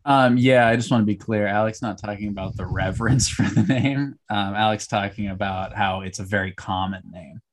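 Laid-back man with a lower voice. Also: brisk, few pauses, slight background noise. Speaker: podcast co-host. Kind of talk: casual sports betting chat.

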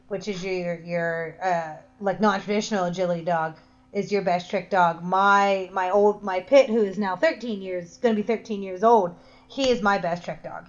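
A woman's voice: mid-range voice, fairly bright tone. A woman co-hosting a podcast, chatting casually about training her dogs, rambling with restarts. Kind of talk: casual chat. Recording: dull lo-fi sound.

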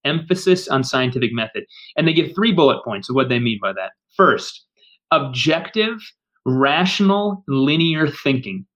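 Man, podcast co-host, earnest, emphatic, mid pitch, slightly dull recording. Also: expressive, brisk, fairly bright tone. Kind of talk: casual discussion.

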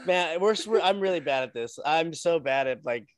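A man's voice: fairly high pitch, animated, no echo. A man co-hosting a casual podcast chat, swearing and stumbling over his words. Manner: profane, halting, restarts often. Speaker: podcast co-host. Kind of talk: casual chat about fights.

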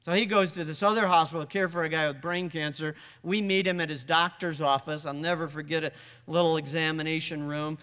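A man telling a personal story to an audience, halting often and repeating words as he goes. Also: a little high, fairly even intonation, bright, forceful tone, clear, resonant tone. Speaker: speaker. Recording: long hall reverb.

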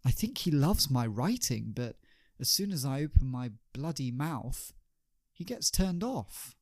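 A drunk, lovesick playwright, desperate and self-pitying. A man acts him out in a storytelling podcast, his voice gravelly and slow and climbing into whiny high pleas. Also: very animated, dry recording, studio quality. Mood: brooding. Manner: pleading, rising to whiny high cries.

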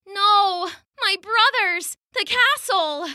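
A woman voicing an earnest, gentle young man in a storybook, exclaiming in a raised, eager voice. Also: sing-song, a little slow, no room sound, clean studio sound, full character voice. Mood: anxious. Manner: eager, exclaiming, pitched up high. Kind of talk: storybook character voice.

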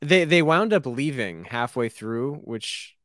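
A man's voice: medium pitch, very animated, slow pace, crowd noise. A man co-hosting a casual podcast, talking hesitantly and self-effacingly, with many restarts. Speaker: podcast co-host. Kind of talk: casual chat.

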